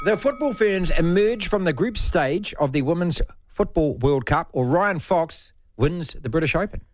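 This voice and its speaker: A man hosting sports radio, teasing and quizzing his co-host in lively banter. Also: a little high, normal speed, no room sound, studio quality.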